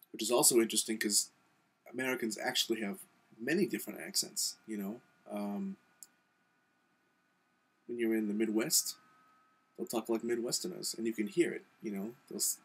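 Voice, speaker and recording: A man's voice: fairly low pitch, husky, low-quality recording. A young man from Montana talking casually to his camera in a reply vlog, rambling with lots of ums and you-knows. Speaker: video blogger.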